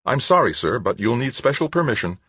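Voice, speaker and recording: A man voicing a blank-faced young male communications clerk, flatly polite and repeating himself. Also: mid-range voice, a little fast, slightly rough, dry recording, voice pushed up. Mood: rote. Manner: flat, rote politeness.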